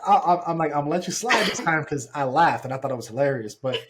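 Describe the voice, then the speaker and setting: A man hosting a casual podcast, excitable and rambling, full of slang and swearing. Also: a little high, quick pace, hardly any pauses, noisy background. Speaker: podcast host. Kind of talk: casual chat.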